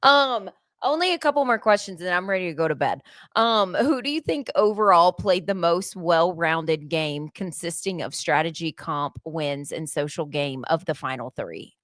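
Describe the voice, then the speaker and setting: A woman's voice: lowish voice, lively intonation, normal speed, hardly any pauses, fairly bright tone, no room sound, clean studio sound. A woman co-hosting a podcast in casual chat, playful, laughing easily and asking the questions. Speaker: podcast co-host.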